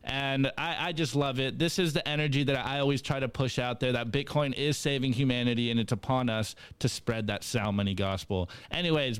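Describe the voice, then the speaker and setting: A man co-hosting a podcast, reading out memes in an energetic, preachy hype style. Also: mid-range voice, smooth. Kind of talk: enthusiastic podcast chat.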